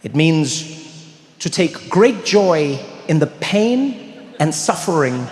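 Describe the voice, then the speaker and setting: A man from South Africa doing a stand-up routine, telling a story in an animated way and building up to excited shouts. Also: fairly high pitch, takes it slowly. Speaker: stand-up comedian. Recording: echoey hall with long reverb.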